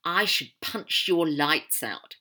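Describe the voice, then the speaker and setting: A gruff, hostile bartender who snarls his threats slowly and loudly, as a woman puts him on. Her delivery stays lively and bright, in a storybook reading. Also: on the low side, heavily acted. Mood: snarling.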